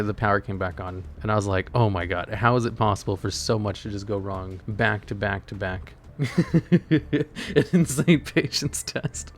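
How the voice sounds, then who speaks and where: Brief: young male streamer, lowish voice, rambling chatty storyteller, faint music behind. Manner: rambling, exasperated storytelling with many fillers. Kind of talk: casual stream chat, storytelling.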